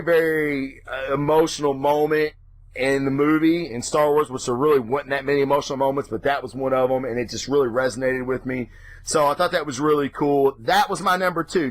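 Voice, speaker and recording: Profane excitable man ranting. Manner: profane, excitable, mimics reactions in a high voice. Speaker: podcast host. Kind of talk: casual ranting monologue.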